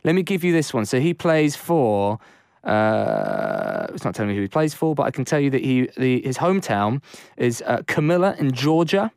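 A man's voice: mid-range voice, very animated, normal speed, gravelly, a little mellow, no echo, studio quality. A man with an English accent, co-hosting a casual sports podcast, chatty with lots of fillers and restarts. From England. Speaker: podcast co-host.

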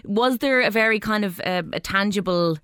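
A woman with an Irish accent hosting a casual radio interview, chatty and playful, firing off quick questions. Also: medium pitch, a bit bright, clear, resonant tone, no echo, studio quality. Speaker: radio host.

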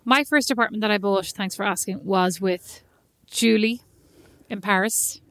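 A woman's voice: mid-range voice, steady tone, moderate pace, fairly bright tone, dry recording. A woman co-hosting a podcast, chatting and telling a story, acting out the people she quotes. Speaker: podcast co-host. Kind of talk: casual chat.

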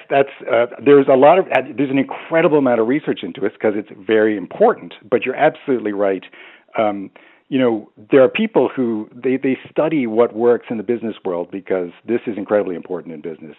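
A man's voice: lowish voice, narrow, tinny audio. A man speaking as a language expert on a radio phone-in, hesitant with many restarts and fillers.

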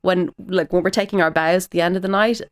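Chatty Irish woman with a lowish voice. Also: fast talker, clean tone. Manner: animated and chatty, with frequent fillers. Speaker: actor and former TV presenter, interview guest. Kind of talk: casual interview chat.

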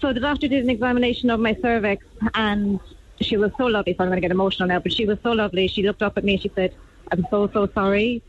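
A woman calling in to a radio show tells her story in a halting, heartfelt way. Her voice comes through a dull, muffled phone line at a middling pitch. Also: steady tone, dry recording. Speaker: caller.

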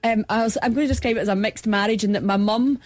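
Woman, radio co-host, jokey, giggly, high voice. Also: fast, a little mellow. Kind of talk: breakfast radio banter.

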